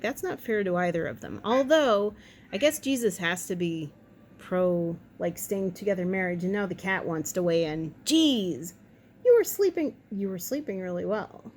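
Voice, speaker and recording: A woman chatting at home in a rambling, jokey way, with quick asides and silly voices. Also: medium pitch, very animated, a little mellow, a little hiss or hum. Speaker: vlogger. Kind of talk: casual chat.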